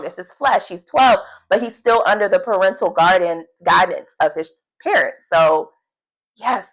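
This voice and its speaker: Chatty woman with vocal fry. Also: mid-range voice, low-quality recording. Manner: chatty and animated, often laughing and acting out quotes. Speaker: faith vlogger. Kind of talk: casual devotional video journal.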